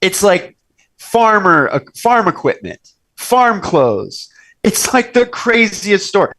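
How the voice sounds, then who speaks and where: A young man hosting a relaxed talk show, his voice sitting fairly high and swinging widely as he tells stories. He jumps into put-on voices for quoted people and laughs between lines. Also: takes it slowly. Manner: animated storyteller, acts out quotes with big pitch jumps. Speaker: podcast host. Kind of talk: casual chat. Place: restaurant wine cellar.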